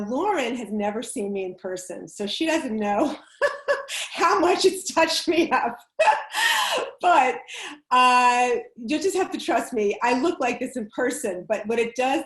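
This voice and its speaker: A woman public speaking coach giving chatty, emphatic advice on a video call, laughing easily as she explains. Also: a little high. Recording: roomy echo on a video call.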